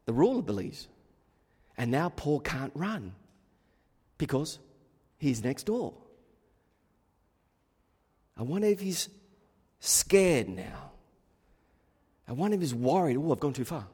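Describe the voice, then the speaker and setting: A man preaching an expository sermon, moving from quiet, musing asides to loud, fervent exhortation. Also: a little high, very animated, slow, long pauses, breathy edge, in a large hall.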